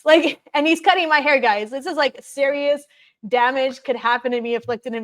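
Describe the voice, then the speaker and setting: A woman's voice: high voice, brisk, a bit bright. A woman telling personal stories in a casual, chatty way, peppering her talk with "like". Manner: chatty, many fillers of "like". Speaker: guest. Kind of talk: casual conversational storytelling.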